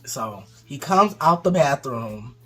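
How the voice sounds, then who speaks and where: A man's voice: mid-range voice, slow pace, breathy edge, faint music behind. A man casually telling a dramatic story to his co-host. He swears freely, acts out what people said and laughs often. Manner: animated, profane, acts out quotes, laughs often.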